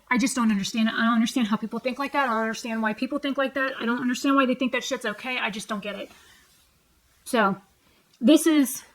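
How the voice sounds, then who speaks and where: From her home, seated on a tall stool, a vlogger in her forties speaks to camera with a slightly high voice, venting in a blunt, sweary, heated rant. She retells arguments with quoted back-and-forth, and the audio is poor.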